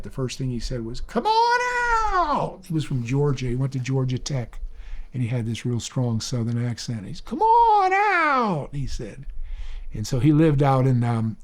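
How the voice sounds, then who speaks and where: A man in mid-range pitch tells a personal story in an animated, emphatic way. His voice climbs and swells when he presses a point, then settles back into a relaxed, conversational telling. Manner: animated storyteller, rises high when preaching. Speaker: speaker on mentorship. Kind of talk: storytelling talk.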